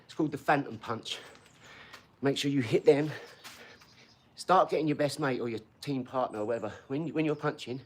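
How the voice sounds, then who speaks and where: A man's voice: medium pitch, normal speed, pauses often. A middle-aged man hosting a casual live stream, boastful and chatty as he talks straight to his viewers. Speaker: live stream host and boxer.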